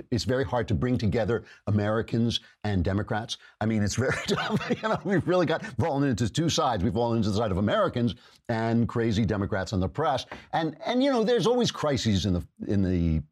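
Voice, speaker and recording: A man's voice: mid-range voice, a little mellow, breathy edge. A man hosting his podcast, delivering a sarcastic, mocking political commentary monologue. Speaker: podcast host.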